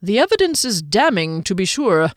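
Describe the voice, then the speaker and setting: A woman's voice: medium pitch, big pitch swings, normal speed, dry recording, studio quality, lightly acted. A woman voicing a small male halfling gambler who speaks in formal, elaborate, courtly phrases. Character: fussy, flowery-spoken male halfling gambler.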